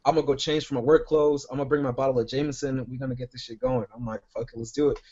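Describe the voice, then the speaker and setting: A man's voice: medium pitch, fairly even intonation, rapid-fire, a little mellow, dull audio. A man co-hosting a podcast, telling a long rambling story full of profanity in casual chat. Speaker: podcast co-host.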